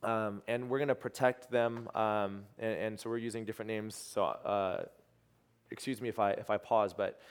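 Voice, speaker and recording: A man's voice: fairly low pitch, moderate pace, clean tone. A young adult man, a ministry team leader, telling a testimony story with lots of quoted dialogue and restarts. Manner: animated storyteller, quoting others, trailing restarts.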